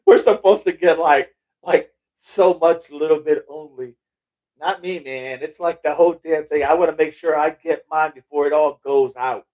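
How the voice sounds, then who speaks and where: A middle-aged man chats loosely on a livestream, reading viewer comments and drifting from one thought to another. His voice sits a little high for a man, and he often breaks into a chuckle or a casual curse as he loses his train of thought. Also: normal speed, darkish tone. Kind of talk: casual chat.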